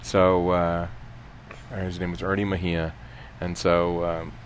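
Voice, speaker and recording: A man telling courtroom stories in a casual chat, laughing often and trailing off into quieter asides. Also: low voice, level tone, slow, a little hiss or hum. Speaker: former defense lawyer telling stories.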